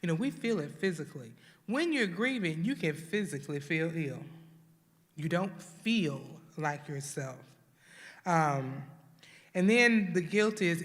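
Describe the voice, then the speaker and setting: A woman's voice: fairly low pitch, animated, measured pace, big-room sound. A woman from Houston leading a church grief workshop, talking earnestly and acting out the voices of grieving people. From Houston, Texas. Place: church hall.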